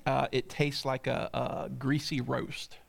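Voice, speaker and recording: A man's voice: mid-range voice, little pitch movement, slow, vocal fry. A middle-aged man preaching a sermon, telling folksy stories and checking in with listeners with frequent asides. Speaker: pastor.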